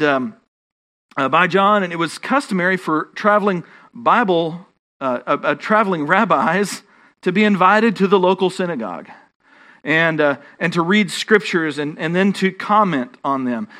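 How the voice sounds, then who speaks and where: A man's voice: high-pitched, a bit bright. A man with a Texan accent preaching a sermon as pastor, rising in emphasis and often restarting his phrases.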